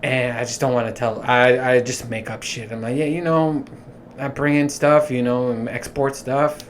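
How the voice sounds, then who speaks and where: A man's voice: medium pitch, normal speed. Casual guy in his 30s rambling thru stories on his podcast, cussing a lot, laughing, faint noise behind. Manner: profane, animated, laughs through his stories. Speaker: podcast host. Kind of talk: casual storytelling monologue.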